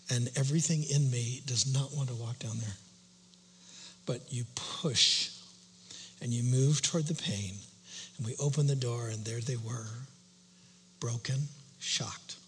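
Bright-voiced pastor man preaching in a hall. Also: mid-range voice, fairly even intonation, moderate pace, long pauses. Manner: dramatic, swings from loud outbursts to hushed whispers. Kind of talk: sermon storytelling. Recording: long hall reverb, faint hum.

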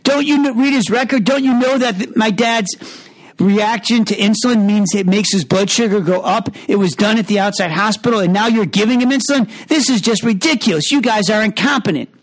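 A man acting out an angry adult daughter of a patient, loud and accusing. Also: high-pitched, a little fast, pitched above the performer's own voice, rough recording. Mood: furious. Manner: shouting, accusing, indignant.

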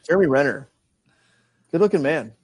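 A man's voice: a little high, animated, normal speed, breathy edge, no echo. Brief: man, podcast co-host, jokey self-mocking banter, dry close sound. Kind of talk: casual banter.

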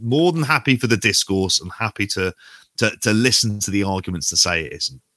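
Middle-aged male podcast co-host, low bright voice, wry sweary banter, dry recording. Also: lively intonation, brisk, dry recording. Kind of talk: casual chat.

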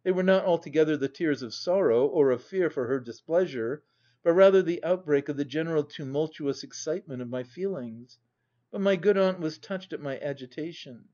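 A man's voice: a little high, fairly quick, warm tone. Man reading an audiobook, dull lo-fi sound. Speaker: audiobook reader. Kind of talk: volunteer audiobook narration.

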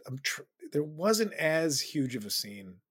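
A comedian from the Chicago suburbs, chatting as a podcast guest in a rambling, laughing, self-deprecating way. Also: male voice, fairly high pitch, big pitch swings, unhurried, a bit bright, slightly rough, no echo, studio quality. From Chicago suburbs, USA. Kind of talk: casual storytelling chat.

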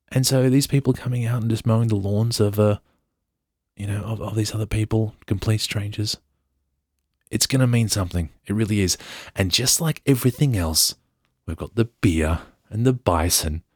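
Deep husky English man, playful. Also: normal speed, darkish tone, no room sound, clean studio sound. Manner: chatty, playful, jokey. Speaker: podcast host. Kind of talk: casual good-news reading with asides.

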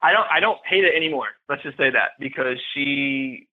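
A man as a podcast guest giving a candid, halting, emotional personal account. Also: mid-range voice. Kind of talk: personal account of domestic abuse. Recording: tinny phone-like line.

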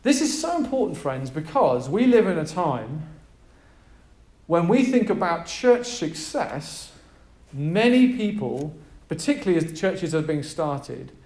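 A man with a notably high voice preaches with energetic emphasis, calling on his listeners to respond and pressing his points home. The room carries a roomy echo around him. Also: measured pace. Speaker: pastor. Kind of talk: sermon to a live group. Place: room with a gathered group.

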